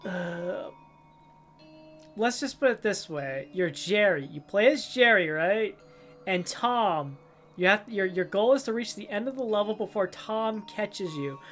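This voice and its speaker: A young woman streamer rambling casually about old cartoons and games, telling stories in an animated way and often breaking into silly voices. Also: medium pitch, measured pace, soft background music. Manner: rambling, animated storytelling with goofy character voices. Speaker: livestreamer.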